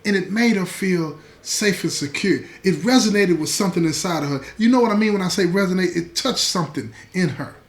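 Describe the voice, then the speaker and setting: A man's voice: sits high, animated, fairly quick, few pauses. A man narrating a dramatic true-life story in a conversational way, with asides to the listener. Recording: echoey room.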